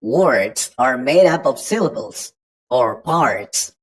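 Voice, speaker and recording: Woman English tutor, very low voice, slow and patient, walks learners through each point. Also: lively intonation, low-quality recording. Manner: patient, explains step by step to the learner. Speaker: English teacher. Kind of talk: online pronunciation lesson.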